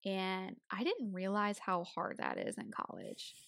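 A woman's voice: mid-range voice, very animated, a little slow, vocal fry, a bit bright, dry recording, clean studio sound. A young woman co-hosting a podcast, chatting casually and laughing easily, often saying "like". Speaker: podcast co-host. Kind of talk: casual chat.

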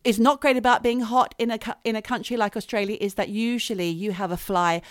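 A woman hosting a podcast in casual chat, playful and quick to joke. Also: a little high, fairly even intonation, no room sound, studio quality. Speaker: podcast host. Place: Greater London, UK.

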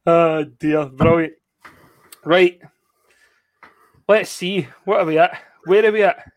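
Laughing Scottish man, husky voice. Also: high voice, very slow, long pauses. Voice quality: husky tonight. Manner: laughs often, reads out viewer comments. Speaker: podcast co-host. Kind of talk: casual live podcast chat.

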